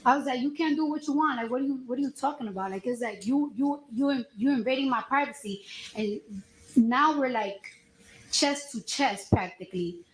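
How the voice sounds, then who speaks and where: A woman testifying as a witness, retelling events in a lively, slangy way with acted-out quotes. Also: fairly high pitch, normal speed. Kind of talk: courtroom testimony, storytelling. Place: echoey courtroom. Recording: echoey courtroom with faint noise.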